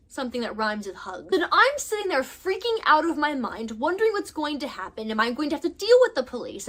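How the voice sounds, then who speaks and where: High, bright-voiced young woman storyteller. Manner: animated, dramatic retelling. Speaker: storytime vlogger. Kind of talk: storytelling vlog.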